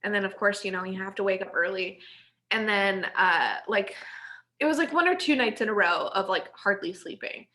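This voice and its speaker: A woman in her thirties telling stories in a rambling, animated casual chat, laughing often. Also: mid-range voice, normal speed. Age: 30s. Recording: echoey room.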